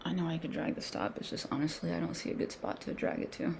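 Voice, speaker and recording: A woman with a gravelly, fry-edged voice sitting a little low for her sex talks through her trades in a loose, slangy way. She coaches her viewers with emphatic repetition and now and then drops to a near whisper, with faint noise behind her. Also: lively intonation, fast talker. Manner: slangy, thinks aloud, sometimes drops to a whisper. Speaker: day trader streaming a trading session. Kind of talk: casual talk-along while trading.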